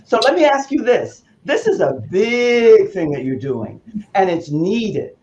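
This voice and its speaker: A man hosts an interview with an emphatic, encouraging delivery and a fairly high voice. The recording sounds roomy and dull. Faint noise runs underneath. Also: sing-song, unhurried, a little mellow. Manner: encouraging, emphatic, leading questions. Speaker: talk show host. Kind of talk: interview hosting.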